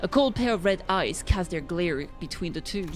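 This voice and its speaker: A woman's voice: lowish voice, lively intonation, normal speed, soft background music. Woman streamer reading game story aloud. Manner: stumbles and self-corrects while reading.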